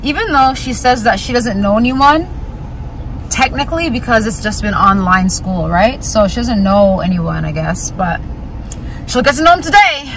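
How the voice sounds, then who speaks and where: A young woman vlogging in a casual, chatty way, playful and quick to tease. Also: fairly high pitch, expressive, fairly bright tone, a little hiss or hum, rough recording. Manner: chatty, laughing, playful teasing. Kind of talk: casual vlog chat.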